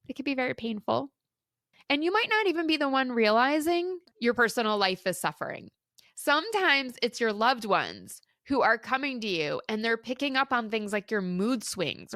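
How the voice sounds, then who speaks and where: A woman's voice: a little high, no echo, studio quality. A woman in her thirties hosting a solo career-coaching podcast, talking in a chatty, candid way and acting out the stories she tells. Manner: chatty, candid, animated storytelling.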